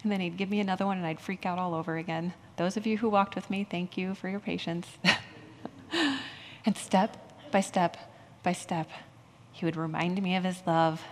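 A woman's voice: on the low side, fairly even intonation, moderate pace, slight background noise. Candid woman pastor preaching in a church. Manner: candid and self-deprecating, laughing often at herself. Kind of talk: personal testimony sermon. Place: church sanctuary. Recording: long hall reverb from a church sanctuary.

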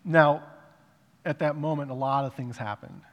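A man giving a personal testimony in a conversational way, rising to emphatic bursts and dropping to hushed reflection. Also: fairly high pitch, moderate pace. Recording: long reverb of a large hall.

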